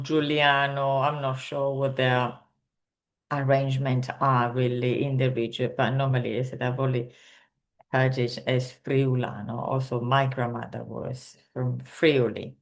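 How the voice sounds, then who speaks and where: A woman teaches an online language lesson at a very unhurried pace. She hesitates often, filling gaps with small sounds, then lands carefully on each word she pronounces. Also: rumbling low. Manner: slow, hesitant, many fillers, carefully pronounces Italian words. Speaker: Italian teacher.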